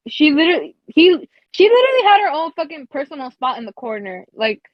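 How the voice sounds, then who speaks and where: A woman with a high voice tells a story in loose podcast chat, swearing freely and filling her sentences with "like." The recording is dry and somewhat dull and lo-fi. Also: big pitch swings, fast, no echo. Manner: casual, profane, laughs between phrases, many fillers like "like". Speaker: podcast co-host.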